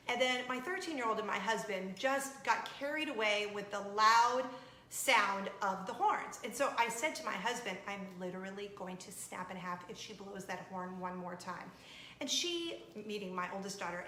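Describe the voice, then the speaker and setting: Woman, 30s, chatty vlog storytelling, slightly high voice, echoey room. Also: pushed and bright, slight background noise. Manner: chatty, confessional, laughs while telling. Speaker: vlog host. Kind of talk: casual storytelling to camera.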